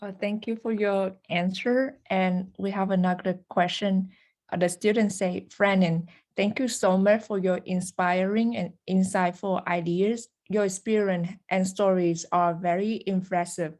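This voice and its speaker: A woman moderating a chat, reading student questions aloud in a careful, halting way with small slips. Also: mid-range voice, fairly even intonation, darkish tone.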